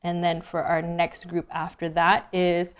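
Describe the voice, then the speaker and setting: A woman's voice: on the low side, completely flat delivery, unhurried, clean tone. A woman co-hosting a live stream, reading out group introductions with playful asides. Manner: laughs easily, playful asides. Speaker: livestream co-host.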